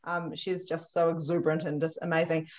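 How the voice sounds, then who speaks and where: A woman hosting a podcast, chatting casually and telling animated stories with frequent laughter. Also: low voice, fairly quick. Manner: animated storyteller, laughs often. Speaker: podcast host. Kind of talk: casual chat.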